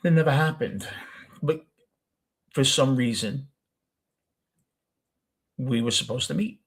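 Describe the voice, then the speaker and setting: An older man with a New York accent tells a long personal story in a loose, rambling way. His voice is husky and sits at an ordinary pitch. He stops often to correct himself as he goes. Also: slow pace. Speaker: host. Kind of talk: casual storytelling.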